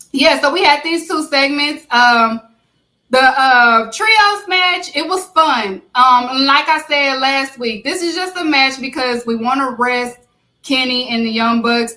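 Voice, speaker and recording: Bright-voiced woman hosting a podcast. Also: on the high side, rough recording. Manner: relaxed, many fillers. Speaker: podcast host. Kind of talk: casual chat.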